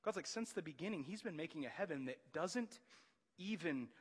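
A man in his thirties preaching a sermon, animated and jokey, often rising into loud excited outbursts. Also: fairly high pitch, normal speed, slightly rough. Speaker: pastor. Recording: long hall reverb.

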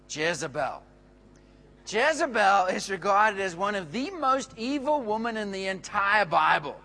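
A man's voice: sits high, rough recording. A man preaching a sermon, retelling a story with energy and acting out the characters' lines. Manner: animated, acts out the characters' lines.

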